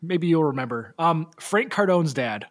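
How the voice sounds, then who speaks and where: Relaxed podcast host asking questions. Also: mid-range voice, normal speed. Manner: relaxed, hesitant fillers. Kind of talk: casual chat.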